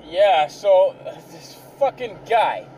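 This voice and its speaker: A man's voice: sits high, lively intonation, slow pace, warm tone, far from the mic, lo-fi sound, a little hiss or hum. A man telling a comic story in a rambling, exasperated way, swearing constantly.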